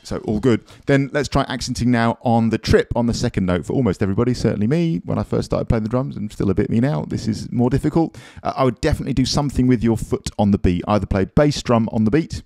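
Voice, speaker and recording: A man's voice: medium pitch, quick pace, creaky, few pauses, warm tone, no room sound, clean studio sound. Casual encouraging male drum teacher. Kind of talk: drum lesson with counting aloud.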